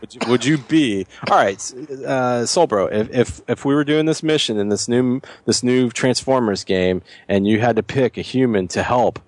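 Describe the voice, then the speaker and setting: A man's voice: medium pitch, moderate pace, few pauses, no room sound. A man hosting a podcast in casual chat, joking and rambling with frequent restarts. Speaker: podcast host.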